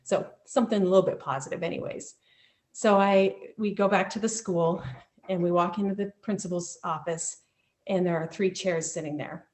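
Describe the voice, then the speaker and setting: A woman's voice: fairly low pitch, fairly even intonation, moderate pace, darkish tone. A woman telling a personal story in a vivid, emotional, conversational way, recorded over a video call.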